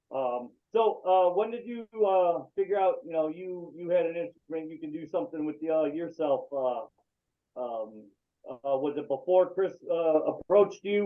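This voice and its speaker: A man hosting a casual interview, asking loose, rambling questions with a laugh. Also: on the high side. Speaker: podcast host. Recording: tinny phone-like line.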